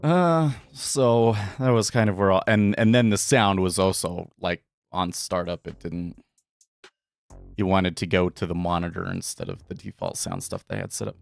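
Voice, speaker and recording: A man with a low voice chatting on his live trading stream, wandering from one thought to the next and often restarting mid-sentence. The sound is dry and close, with faint music playing behind him. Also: lively intonation, moderate pace, creaky, no room sound. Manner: rambling, restarts, thinks aloud. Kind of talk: casual live-stream commentary.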